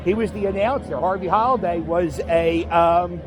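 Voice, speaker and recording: Out on a city street, a man from the Philadelphia area gives an offhand walking-tour vlog, rambling and correcting himself as he goes. He has a high voice at normal speed. Faint street noise comes through outdoors.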